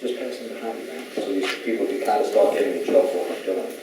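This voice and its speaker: A man gives an informal talk to an audience at a gathering, rambling through stories and acting out the voices of people he quotes. His voice is low-pitched, fast, and dark-toned. Recorded from far off in a large, echoey hall, with slight background noise.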